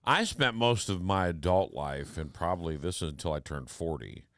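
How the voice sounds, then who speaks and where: A man in his fifties hosting a radio talk show, telling stories in an animated, emphatic way with plenty of swearing. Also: deep voice, moderate pace, no echo, clean studio sound. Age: 50s. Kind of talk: casual chat.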